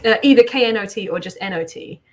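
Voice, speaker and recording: A woman's voice: medium pitch, expressive, quick pace, darkish tone. An English woman in casual chat on a group art stream, explaining things thoughtfully at length, with frequent ums.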